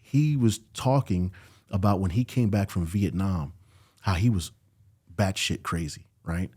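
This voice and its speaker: A man's voice: deep voice, a little slow, a little mellow, husky. A middle-aged man, a podcast guest, telling a personal story in casual conversation and acting out the dialogue he quotes. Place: podcast studio.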